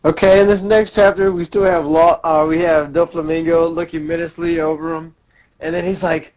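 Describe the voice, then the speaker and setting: Man, podcast co-host, animated retelling, high voice, lo-fi sound. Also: brisk. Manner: animated, jumps into shouty character lines. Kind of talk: casual podcast chat, acting out comic lines. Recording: lo-fi dull audio.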